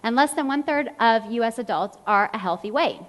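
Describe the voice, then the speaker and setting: Animated woman speaking on a hall stage. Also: fairly high pitch, fairly quick. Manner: animated storyteller, acts out quotes. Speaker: fitness trainer and speaker. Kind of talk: motivational stage talk. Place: large event hall. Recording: long hall reverb.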